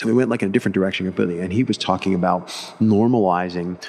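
A man's voice: low-pitched, steady tone, racing, a little mellow, a little hiss or hum. A man co-hosting a casual chat, telling rambling stories with many restarts and acted-out quotes.

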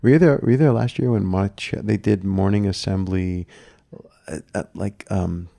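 A man co-hosting a podcast, telling stories in a relaxed, teasing way and laughing often. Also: low voice, moderate pace, creaky, no echo, studio quality. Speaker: podcast co-host. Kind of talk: casual chat.

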